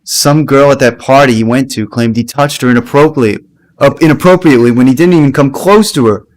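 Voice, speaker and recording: A man's voice: medium pitch, fast. A young man chatting casually on a stream, rambling with many restarts and laughing often. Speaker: streamer co-host. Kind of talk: casual chat.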